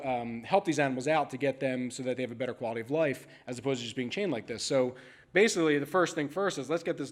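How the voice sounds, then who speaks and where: A man presenting at a conference who tells field stories with casual, frank energy. His voice sits a little high for a man. He talks loosely, with fillers and quick asides. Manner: animated storytelling, casual and frank. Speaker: animal services manager giving a talk. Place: conference stage.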